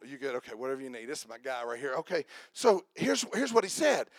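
A man's voice: mid-range voice, big pitch swings, fast, no room sound. A man preaching a sermon to his congregation, joking and repeating himself as he talks to people in the room by name. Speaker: pastor.

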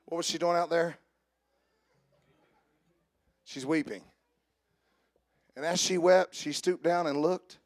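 A man with a slightly high, steady voice gives an Easter sermon in church. Quiet joking with the congregation gives way to loud, drawn-out preaching.

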